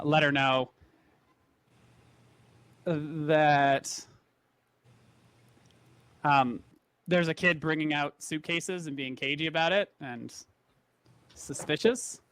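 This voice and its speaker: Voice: medium pitch, animated, takes it slowly, pauses often, fairly bright tone, no room sound. A player with a male-range voice in a tabletop game, talking hesitantly with laughs and many fillers.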